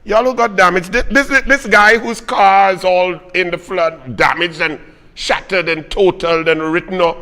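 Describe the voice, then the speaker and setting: A man's voice: high-pitched, moderate pace, pushed and bright, in a large hall. A man with a Trinidadian accent hosting a political commentary show, ranting in a fiery, mocking way and hammering his points home again and again.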